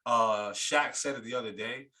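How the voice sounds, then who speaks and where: Bright-voiced man ranting on sports. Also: medium pitch, normal speed. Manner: heated, ranting. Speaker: podcast co-host. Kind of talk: sports talk rant.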